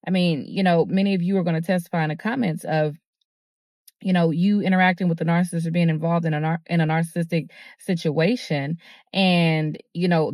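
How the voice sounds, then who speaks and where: A woman hosts a motivational talk in a fairly low voice. She talks earnestly and repeats her points, with plenty of fillers. Her voice is recorded close and dry. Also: darkish tone, no room sound. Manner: earnest and repetitive, with many fillers. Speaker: host.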